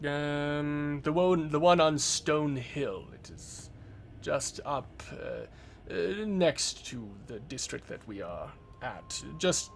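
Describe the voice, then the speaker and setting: A man's voice: fairly high pitch, expressive, slow pace, vocal fry, slight background noise. A man narrating as game master of a tabletop game in a loose, rambling way, with lots of fillers.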